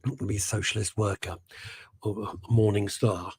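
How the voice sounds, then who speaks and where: A man's voice: on the low side, steady tone, normal speed, creaky, breathy edge, no room sound. A middle-aged man hosting a radio show, chatting casually in a rambling, self-interrupting way and reading out listener messages.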